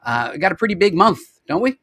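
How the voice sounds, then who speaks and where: Chatty, fairly high-voiced male host. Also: sing-song, fast, a bit bright, no echo. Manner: chatty and jokey, rattling off lists. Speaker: podcast host. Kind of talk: casual live-stream chat.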